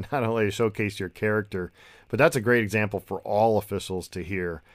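Deep-voiced podcast host. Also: male voice, fairly quick, no room sound. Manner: gives short backchannel replies; hesitant questions with fillers. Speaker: podcast host, basketball referee. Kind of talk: interview host.

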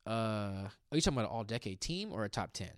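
A man's voice: fairly low pitch, very animated, fast talker, dry recording, studio quality. Man rambling in casual sports chat. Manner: loose, rambling, slangy. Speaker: podcast host.

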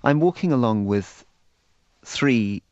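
A man telling his travel stories in a radio interview and reading aloud from his book in a measured, articulate way. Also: medium pitch, expressive, darkish tone, dry recording, dull audio. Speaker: author and guest.

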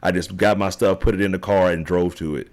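Really low voiced guy, middle aged, chatty and rambling, keeps saying right?. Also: brisk. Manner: rambling, animated, frequent "right?" tags. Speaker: podcast guest, triathlete. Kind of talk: casual storytelling interview.

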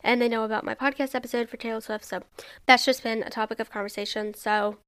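A woman's voice: on the high side, fairly even intonation, fast talker, fairly bright tone. A young adult woman hosting her own podcast, talking alone in a rambling, self-questioning way with lots of "like". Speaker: podcast host. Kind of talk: casual solo podcast monologue.

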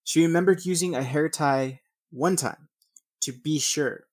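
A man's voice: fairly high pitch, measured pace, a little mellow, no room sound. Guy reading crime cases off news articles, swears a lot, trips over names. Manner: reads news text then rants with swearing; stumbles and restarts over names. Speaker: true crime narrator. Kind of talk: casual true-crime narration with commentary.

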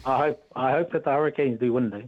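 A man's voice: medium pitch, fast. A man from New Zealand calling in to a radio show, friendly and easygoing. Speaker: caller. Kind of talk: phone-in chat. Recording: tinny phone line.

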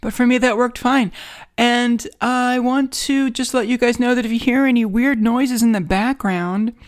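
A woman's voice: on the high side, steady tone, normal speed, no echo, clean studio sound. Sarcastic New York woman podcaster. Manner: sarcastic, rambling, self-mocking. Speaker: podcast host. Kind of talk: casual solo podcast monologue. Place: home guest bedroom.

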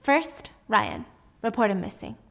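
A woman voicing a vengeful teacher who speaks in a quiet, cold, menacing tone. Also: medium pitch, wildly swooping pitch, unhurried, gravelly, full character voice.

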